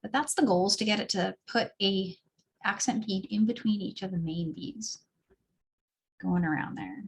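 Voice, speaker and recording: A woman's voice: mid-range voice, normal speed, slightly rough. A woman teaching a beadweaving class, talking through each step casually as she works. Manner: relaxed, chatty, explains as she works. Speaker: craft instructor. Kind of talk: step-by-step craft tutorial.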